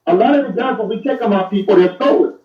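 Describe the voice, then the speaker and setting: A man's voice: high voice, quick pace. A man speaking as a police officer guest in a casual, plain-spoken interview over a remote connection. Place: remote call from elsewhere. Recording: roomy, distant, dull remote audio.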